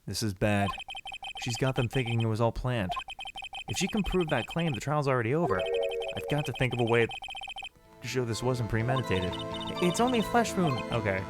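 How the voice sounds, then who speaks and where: Man streaming a game, lively up-and-down voice, reads lines aloud, music playing underneath. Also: medium pitch, fairly quick. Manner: animated, reads lines with small restarts and asides. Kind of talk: playthrough narration with read-out dialogue.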